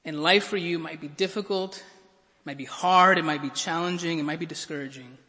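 A man's voice: fairly high pitch, steady tone, a little fast, bright, forceful tone. A man preaching a sermon, earnest and stammering into repeated words, then rising to emphatic peaks. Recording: long reverb of a large hall.

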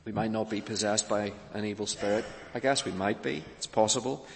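A man preaching a sermon in a church, earnest, pressing hard on key points and then falling soft and low. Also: fairly even intonation, a little fast, vocal fry, a little hiss or hum. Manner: earnest, rising to urgent emphasis then dropping soft. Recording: long reverb of a church hall.

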